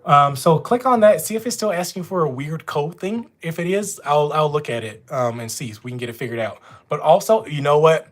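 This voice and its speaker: A man from Louisiana with a Louisiana accent and a voice a little higher than most men's. He chats casually on a live stream from home, talking straight to his viewers. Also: brisk, hardly any pauses. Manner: chatty, talks straight to viewers. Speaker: notary running a live stream. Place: at home with dogs nearby.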